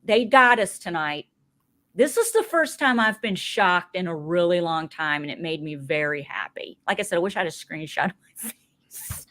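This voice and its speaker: A woman's voice: on the low side, expressive, normal speed, bright, forceful tone. A woman with a Southern US accent hosting a casual chat show, playful and laughing often. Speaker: podcast host.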